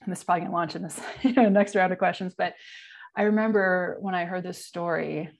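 A woman in her forties speaking candidly in an interview, halting and full of fillers. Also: lowish voice, fairly even intonation. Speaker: guest. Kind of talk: personal interview.

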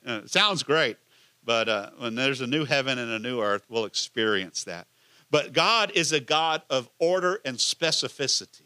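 A man's voice: medium pitch, expressive, normal speed, bright, forceful tone, no room sound. A man, a pastor, preaching a conversational sermon and asking the listeners many questions.

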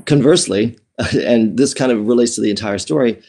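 A man's voice: mid-range voice, fairly quick, gravelly, warm tone, breathy edge. A man telling a personal story in an interview, candid and emotional, with many fillers and restarts. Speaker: interview guest.

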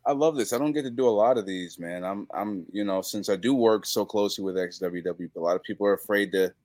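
A man's voice: lowish voice, quick pace, no room sound, studio quality. A man as a podcast guest, telling crude stories and acting out the people in them. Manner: profane, animated storytelling with acted-out quotes. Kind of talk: casual chat.

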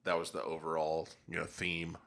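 A young man with a very low, deep voice chats casually on a podcast with a friend. He teases and chuckles often as he talks. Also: completely flat delivery, normal speed, creaky, a bit bright. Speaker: podcast co-host. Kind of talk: casual chat.

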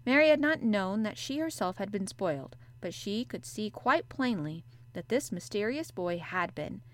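A woman narrating a classic novel in an even, measured storytelling manner. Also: medium pitch. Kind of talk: audiobook narration.

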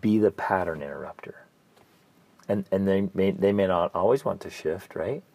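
Brief: earnest male podcast host and coach, low, husky gravel in the voice, shifts down to hushed emphasis. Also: moderate pace, dry recording. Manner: earnest, storytelling, drops to soft near-whispered emphasis. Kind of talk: casual podcast chat.

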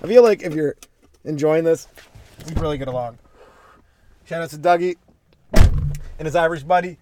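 A man's voice: fairly high pitch, normal speed, mellow, slight background noise. A man hosting a solo comedy podcast, riffing loosely on his own jokes, swearing, laughing at himself and slipping into silly voices. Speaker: stand-up comedian and podcast host. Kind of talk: rambling solo comedy riff.

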